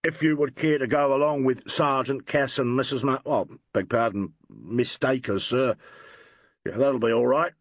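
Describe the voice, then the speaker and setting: Reader as a dutiful policeman, formal and deferential, husky. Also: mid-range voice, a little slow, dry recording. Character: stolid police constable, polite and dutiful.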